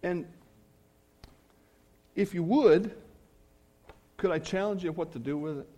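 A man's voice: sits high, slow, mellow. A male pastor preaching a sermon in church, earnest, leaning hard on key phrases.

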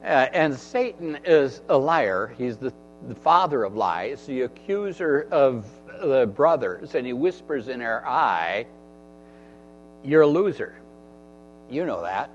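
A man's voice: medium pitch, sing-song, unhurried, long reverb tail. A man preaching a sermon in an earnest way, repeating phrases for emphasis. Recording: dull recording with faint mains hum.

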